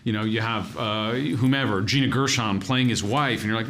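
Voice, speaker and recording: A man's voice: mid-range voice, fairly quick, few pauses, fairly bright tone. A man, a filmmaker guest on a podcast, chatting with frequent restarts and laughter. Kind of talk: podcast interview.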